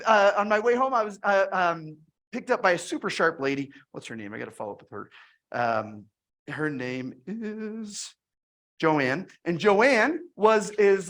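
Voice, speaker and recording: Woman recruiter, casual recorded training talk, lively storyteller who plays both sides of each exchange. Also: mid-range voice. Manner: animated storyteller acting out dialogue. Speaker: network marketing recruiter.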